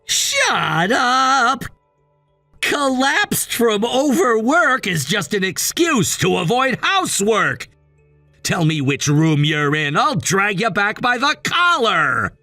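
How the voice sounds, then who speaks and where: A man's voice: high voice, very animated, slow pace, gravelly, no echo, faint music behind, full character voice. A man voicing a bossy, scornful husband. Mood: angry, scornful. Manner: bossy and dismissive, shouting at times. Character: controlling, scornful husband facing divorce. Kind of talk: text-message story narration.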